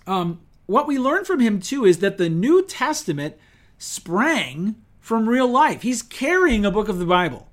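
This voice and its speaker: A man's voice: sits high, sing-song, unhurried. A male pastor delivering a sermon in an easy, conversational style. He asks the room rhetorical questions and slips into little acted-out quotes, keeping the message light and direct.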